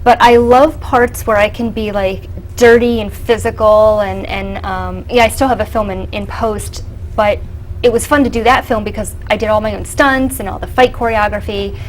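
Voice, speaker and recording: A young adult woman, an actress, chatting casually in an interview, animated and full of fillers. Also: medium pitch, normal speed, slight background noise, rough recording. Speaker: actress guest.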